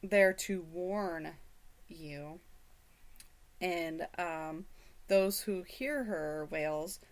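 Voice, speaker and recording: A woman's voice: on the low side, very slow. A middle-aged woman hosting a casual radio chat, rambling with many fillers and restarts. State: hiccups. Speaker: radio show host.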